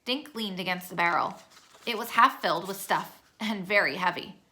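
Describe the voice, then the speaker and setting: A woman reading a children's chapter book aloud as narrator, with steady, clear storytelling. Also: medium pitch, moderate pace.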